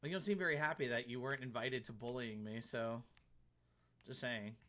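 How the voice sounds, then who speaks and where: A man's voice: mid-range voice, fairly even intonation, brisk, sharp tone. A man streaming a game live, chatting casually and laughing as he reads and answers his chat. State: tired arms after a workout.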